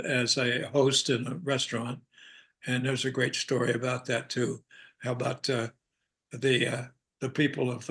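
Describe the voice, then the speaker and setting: An older man from Arkansas, an actor guest telling anecdotes in a meandering, halting way and chuckling often. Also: mid-range voice, bright, forceful tone, breathy edge. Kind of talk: casual anecdotal storytelling.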